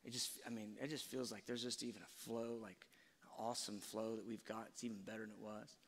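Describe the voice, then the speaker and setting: Middle-aged man, husky and gravelly, earnest soft-spoken storyteller, hall echo. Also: on the low side, flat delivery, a little fast. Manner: soft-spoken, earnest, often trailing off quietly. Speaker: speaker sharing a parenting story. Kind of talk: reflective personal storytelling talk. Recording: long hall reverb.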